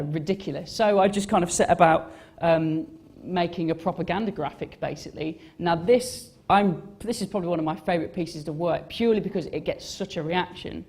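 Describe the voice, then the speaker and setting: A man's voice: on the high side, darkish tone. A young man gives a casual talk about his design work on stage. He rambles and mocks himself, with many fillers and restarts. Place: on stage at a live event.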